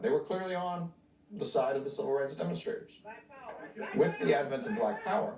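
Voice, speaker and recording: A man's voice: medium pitch, darkish tone. A man explaining history thoughtfully in a documentary interview. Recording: roomy, distant mic, music bed.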